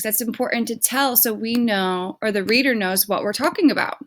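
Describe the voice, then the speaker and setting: A woman teacher reading a children's book aloud and explaining a reading question slowly and patiently. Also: fairly high pitch. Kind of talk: reading aloud and classroom instruction.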